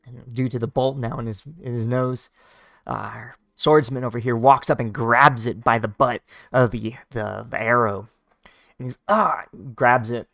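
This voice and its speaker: Gravelly man reading a comic aloud. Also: medium pitch, fairly even intonation, fairly bright tone, no echo, clean studio sound, soft background music. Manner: informal, halting, describes panels with fillers. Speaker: read-along narrator. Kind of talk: casual read-along of a comic.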